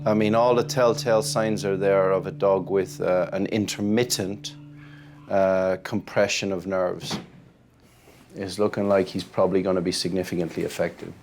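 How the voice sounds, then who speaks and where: A man working as a veterinary surgeon, briskly explaining a dog's symptoms to its owners in a clinic. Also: low-pitched, flat delivery, music in the background. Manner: brisk, explaining and pointing out signs. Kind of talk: consultation with pet owners. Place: vet clinic consulting room.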